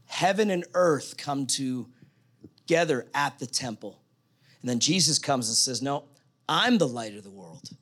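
A man's voice: medium pitch, fairly bright tone, slightly rough. A man preaching a sermon, reading scripture aloud in a conversational, emphatic way.

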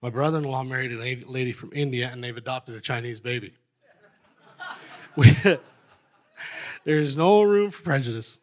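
Rambling middle-aged man giving testimony. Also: mid-range voice. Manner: rambling, self-interrupting, jokey. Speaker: church member giving testimony. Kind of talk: personal testimony.

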